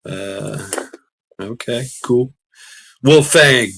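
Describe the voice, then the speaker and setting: A man's voice: mid-range voice, slow, gravelly, breathy edge. A tired man hosting a casual livestream, rambling and swearing as he greets chatters by name. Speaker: livestream host.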